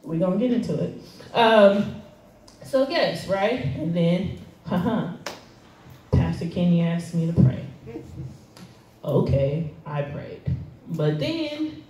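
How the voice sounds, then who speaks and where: A woman's voice: on the low side, lively intonation, takes it slowly, mellow, far from the mic, a little hiss or hum. A woman preaching a casual, chatty sermon, laughing often and joking about herself. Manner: chatty, laughing, self-deprecating. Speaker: guest speaker. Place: church hall. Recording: echoey hall, recorded from afar.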